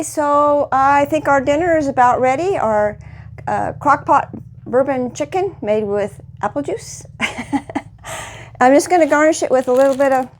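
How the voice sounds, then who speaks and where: A woman's voice: high-pitched, a little hiss or hum. Chatty woman hosting a home cooking vlog. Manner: chatty, tasting food on camera. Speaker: cooking channel host.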